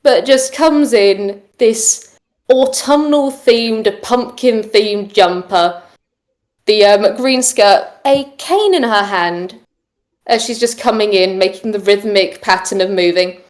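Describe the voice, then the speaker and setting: A woman who narrates as game master in a lively, descriptive and amused way. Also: medium pitch, slow pace.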